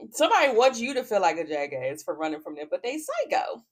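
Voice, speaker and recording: A woman's voice: mid-range voice, huge pitch swings, fast. A woman giving a casual tarot reading to camera, blunt and profane, often cracking up laughing. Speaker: tarot reader.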